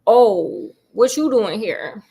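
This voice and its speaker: A woman voicing an impatient young male gentleman who is short on money, in a casually retold story. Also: medium pitch, sing-song, slow pace, gravelly, exaggerated voice.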